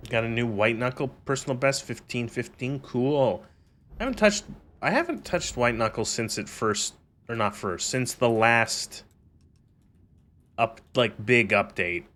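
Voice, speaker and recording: A young male streamer comments on a game in a casual, sweary rant. His pitch swings widely as he gets exasperated, with faint noise behind. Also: lively intonation, unhurried, fairly bright tone.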